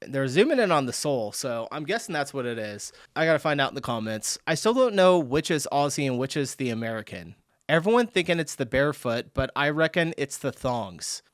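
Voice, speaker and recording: A man's voice: mid-range voice, big pitch swings, fairly quick. A man hosting a reaction video, chatting casually, laughing often and thinking aloud.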